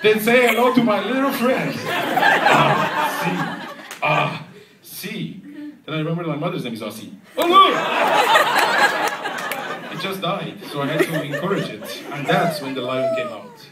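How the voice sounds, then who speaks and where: A young man from Iran performing a stand-up comedy set, animated and slipping into voices for the characters in his stories. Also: a little high, measured pace, long pauses, heavy background noise. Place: comedy club. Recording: echoey club from a distant mic, loud crowd laughter. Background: audience laughing.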